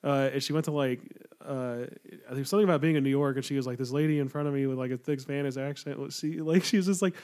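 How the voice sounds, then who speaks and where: A man's voice: fairly high pitch, fast talker, few pauses, darkish tone. A man co-hosting a podcast, chatting casually and joking with frequent laughter. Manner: joking, laughs often, trails off. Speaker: podcast co-host. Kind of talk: casual chat.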